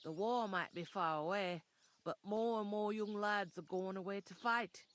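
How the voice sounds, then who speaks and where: A woman's voice: medium pitch, normal speed, lightly acted. A woman voicing a brusque, practical village tavern keeper in a game, with a Yorkshire accent and a blunt, gossipy, folksy manner. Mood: matter-of-fact.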